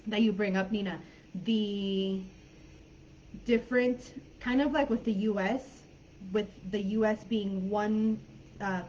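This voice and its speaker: A woman English teacher talks through a live online lesson in a relaxed, chatty way, often stopping to restart her sentences. Her voice comes over a somewhat dull video-call line with a faint hiss behind it. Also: mid-range voice. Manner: friendly, chatty, many fillers and restarts. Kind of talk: live online class, casual teaching talk.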